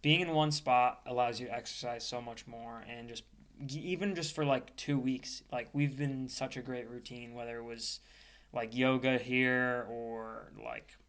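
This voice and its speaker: A young American man co-hosts a podcast in a casual chat, sounding relaxed and laid-back and leaning heavily on fillers. His voice is smooth, sits at an ordinary middle pitch, and moves at a moderate pace.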